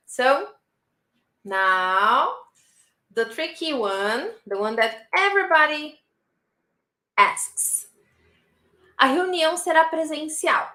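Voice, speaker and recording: A woman's voice: sits high, pushed and bright. A woman teaching a live online English lesson, patiently repeating model sentences for her students. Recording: roomy echo.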